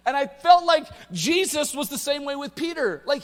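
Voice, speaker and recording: Middle-aged male pastor, high bright voice, lively storytelling, big reverberant room. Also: normal speed, hardly any pauses. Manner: animated storytelling. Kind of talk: sermon. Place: church auditorium. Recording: echoey church hall.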